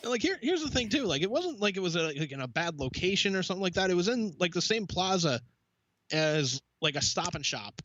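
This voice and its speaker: A man's voice: high-pitched, brisk, muffled recording. A man on a podcast telling a casual, profane story, acting out the voices of the people in it. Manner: animated, swearing, acts out quoted voices. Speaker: podcast co-host.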